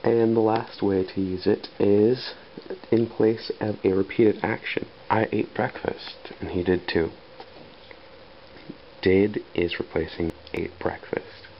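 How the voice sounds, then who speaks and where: A man with a very low, gravelly voice explains grammar slowly and patiently. The recording is dull and lo-fi, with a faint hiss behind him. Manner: unhurried, with pauses and fillers. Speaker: English teacher.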